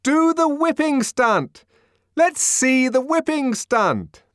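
A man voicing a frenzied crowd, chanting in a slow, heavy, insistent rhythm. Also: extremely high pitch, expressive, no room sound, clean studio sound, voice pushed up, full character voice. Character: chanting frenzied mob of sightseers.

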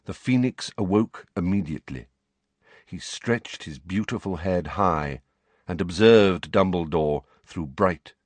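Expressive low-voiced male audiobook narrator. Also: no echo. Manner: expressive reading, shifting voices for characters.

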